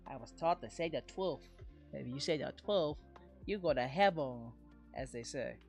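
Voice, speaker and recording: A man's voice: mid-range voice, lively intonation, normal speed, soft background music. A man streaming as a VTuber, chatting casually with a sarcastic, self-mocking humor and frequent laughs. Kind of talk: casual live-stream chat while drawing.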